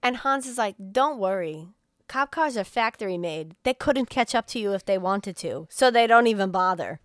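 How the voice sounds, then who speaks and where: On a podcast with clean studio sound and no room sound, a woman with a medium-pitched voice co-hosts at a moderate pace. She recaps a film in casual chat, animatedly acting out the characters' lines and laughing often.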